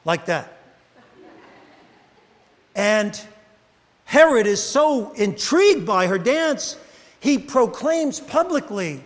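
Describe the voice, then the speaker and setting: Storytelling male pastor, high voice, church hall with long reverb. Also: slow pace, long pauses. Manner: animated storytelling, addresses congregation by name. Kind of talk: sermon. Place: church sanctuary.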